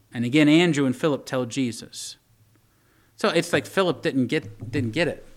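A man's voice: mid-range voice, normal speed. A man preaching a sermon in a conversational way, often repeating words and reading scripture aloud.

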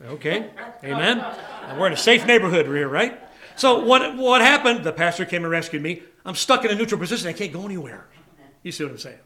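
A man preaching a sermon to a church congregation, telling personal stories with lively call-outs to the listeners. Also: high-pitched, a little fast. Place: church service before a congregation.

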